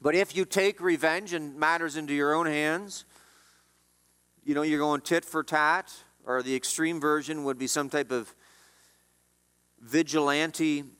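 A man preaching a sermon as pastor, emphatic, his voice swinging between loud rises and quiet drops. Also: fairly even intonation, unhurried, clean tone, in a large hall. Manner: emphatic preaching, rising and dropping in pitch and volume.

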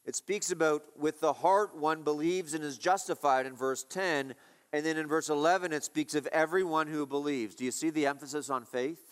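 A man's voice: fairly high pitch, normal speed. A male pastor preaching a sermon, emphatic and repetitive, asking his listeners rhetorical questions.

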